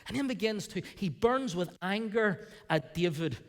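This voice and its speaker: A male pastor preaching a sermon in a church, animated, acting out the voices of the people in the scripture. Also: high voice, normal speed, big-room sound. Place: church sanctuary.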